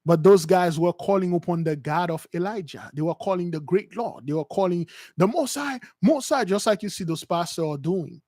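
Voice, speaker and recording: A man's voice: sits high, animated, normal speed, hardly any pauses, darkish tone, no room sound, studio quality. A man preaching with passion, acting out quoted voices, with many fillers and restarts. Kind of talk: impassioned religious teaching.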